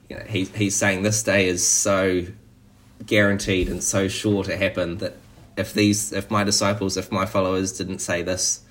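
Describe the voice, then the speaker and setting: A man preaching a sermon in a relaxed, conversational way, often restarting and saying "you know". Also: deep voice, moderate pace.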